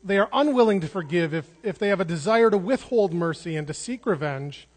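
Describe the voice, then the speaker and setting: A man's voice: high-pitched, animated, fairly quick. A man preaching a sermon in an earnest way, restarting words and repeating phrases for emphasis. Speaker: pastor. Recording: long hall reverb.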